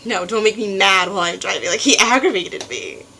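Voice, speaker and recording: A teenage girl vlogging at home, telling a story in an animated way and acting out what others said. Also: medium pitch, fairly quick, creaky, a little hiss or hum, rough recording. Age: teens. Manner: animated storytelling, acts out quotes. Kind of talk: casual venting vlog.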